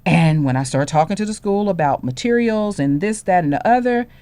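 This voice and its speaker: A woman, speaking low and warm as a parent on a panel. Her pitch rises and falls freely as she tells her story. She acts out each person's voice along the way. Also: fairly quick, no echo. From Houston, Texas. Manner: animated storytelling, acts out dialogue.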